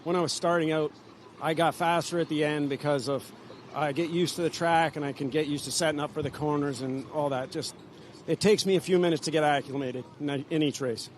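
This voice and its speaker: An older man speaks out of breath just after a race, stopping and restarting his sentences in a modest way. His voice sits a little high. Faint outdoor ambience and engine noise hang behind him. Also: fairly even intonation, brisk. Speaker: racer interviewed after winning. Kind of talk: post-race interview. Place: outdoors at a racing venue.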